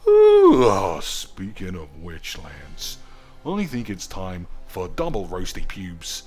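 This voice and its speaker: A man ranting sarcastically over gameplay, crude and rambling, jumping into high mock shouts. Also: sing-song, slow, faint music behind. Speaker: gaming video host.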